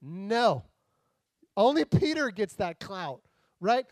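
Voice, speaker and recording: A man's voice: high voice, moderate pace, no echo. A man preaching a casual, jokey sermon, acting out the characters in the stories. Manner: animated, jokey, acts out voices. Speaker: pastor.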